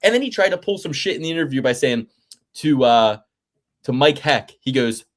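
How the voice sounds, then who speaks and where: A man co-hosting a casual fight-picks podcast, talking in an animated, profane way and slipping into mocking impressions, with a faint Delaware County, Pennsylvania accent. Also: mid-range voice, normal speed. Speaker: podcast co-host.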